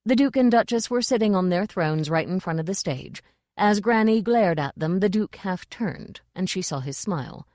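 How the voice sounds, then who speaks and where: A woman narrating an audiobook in a measured, expressive way. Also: mid-range voice, no room sound, clean studio sound. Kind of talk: scripted narration.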